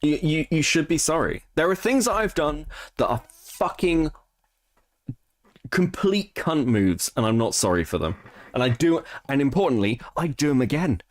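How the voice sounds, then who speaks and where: A man hosting a stream, giving crude, sarcastic commentary on a clip and laughing often. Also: fairly high pitch. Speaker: streamer host reacting to a clip. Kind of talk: casual profane stream commentary.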